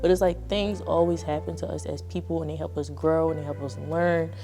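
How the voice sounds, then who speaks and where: A woman's voice: low voice, fairly even intonation, brisk, music in the background. A young woman in her early twenties, a graduating college student, giving a heartfelt, conversational testimonial. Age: early 20s. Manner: earnest, heartfelt, conversational with many "like"s. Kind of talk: personal testimonial talk.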